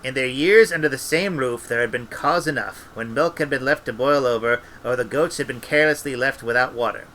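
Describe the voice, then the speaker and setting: A man reading a story aloud in a relaxed way, with restarts and little asides. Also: mid-range voice, fairly quick, few pauses, a little hiss or hum, poor audio. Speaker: audiobook reader.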